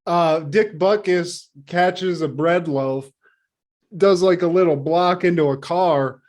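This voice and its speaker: A man co-hosting a casual comedy podcast, retelling a TV episode in an animated, swearing way and acting out the scenes in quick voices. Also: a little high. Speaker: podcast co-host.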